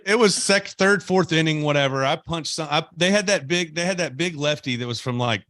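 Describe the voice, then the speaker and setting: Bright, dry-sounding young man. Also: fairly high pitch, fairly quick, dry recording. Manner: animated, swears, laughs often. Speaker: podcast host, former player. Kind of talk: casual podcast chat.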